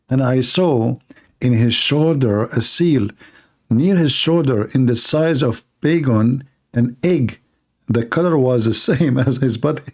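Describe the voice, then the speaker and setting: A man talks at a very slow, drawn-out pace in a dark, mellow voice. He hosts a live stream from a cold room at his computer, mocking what he reads with sarcastic asides and laughter. His voice is tired after hours of talking. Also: medium pitch.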